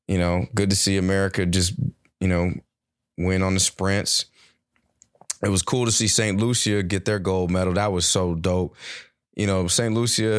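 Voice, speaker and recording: A middle-aged man hosting a solo podcast, rambling and joking in a loose, animated way with casual swearing. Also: sits low, no room sound, clean studio sound. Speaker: podcast host. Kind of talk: solo comedic podcast monologue.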